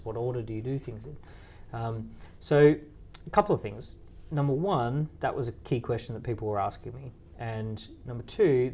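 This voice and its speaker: A man's voice: medium pitch, a little mellow, a little hiss or hum. A man in his thirties, an entrepreneur guest, answering interview questions in a loose storytelling way with many fillers and restarts. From Australia. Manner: storytelling with quoted dialogue, frequent fillers and restarts.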